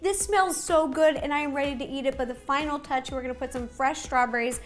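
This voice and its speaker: A woman's voice: high voice, a little fast, loud music behind the voice. A woman in her thirties hosting a baking vlog, chatting casually and laughing often as she bakes. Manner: bubbly, laughs often, giggly. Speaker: baking show host.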